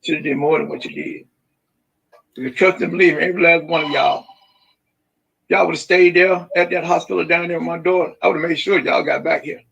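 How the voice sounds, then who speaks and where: A man's voice: on the high side, steady tone, brisk, vocal fry, fairly bright tone, breathy edge, dull audio. A man calling in to a talk show as a grieving father, speaking bluntly and accusingly and repeating his points. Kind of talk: phone-in talk.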